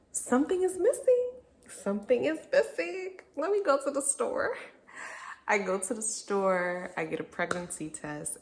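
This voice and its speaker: This young woman vlogger and mother speaks at a fairly low pitch, with slight hiss or hum in the audio. Talking casually to the camera, she tells a personal story candidly and reflectively, sometimes laughing through hard memories.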